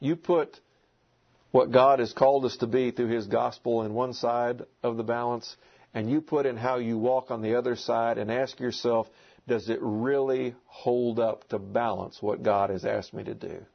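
A man's voice: medium pitch, fairly even intonation, normal speed, gravelly. A man preaching a sermon to a congregation, emphatic and repeating key words. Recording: dull lo-fi recording.

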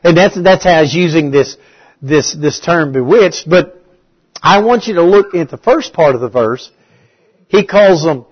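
A man's voice: fairly high pitch, animated, unhurried, long pauses, husky, muffled recording. A man preaching a conversational bible study, asking his listeners questions and repeating key words.

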